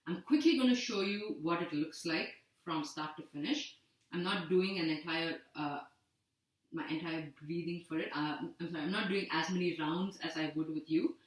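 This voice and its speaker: Calm woman guiding breathing in an echoey room. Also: low voice, moderate pace, recorded from a distance. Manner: calm, gentle cueing with repeated counts. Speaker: yoga teacher. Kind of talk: guided breathing instruction.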